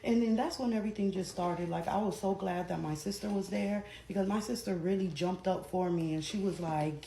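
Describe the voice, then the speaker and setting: A woman chatting casually in a storytime vlog, animated and profane, jumping between loud bursts and low asides. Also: a little fast, hardly any pauses. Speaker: storytime vlogger. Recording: echoey room with faint noise.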